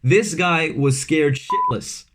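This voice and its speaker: A man's voice: fairly high pitch, huge pitch swings, slow pace, a bit bright. A young man from Vancouver, telling a casual storytime at home, full of fillers and asides. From Vancouver, Canada. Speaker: vlogger. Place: his room at home.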